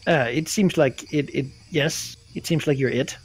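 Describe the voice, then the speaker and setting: A man narrating a tabletop game as its game master, in a fairly high, easygoing voice. He talks casually and hesitantly, filling pauses with ums and uhs. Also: husky, poor audio. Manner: casual, hesitant with many fillers.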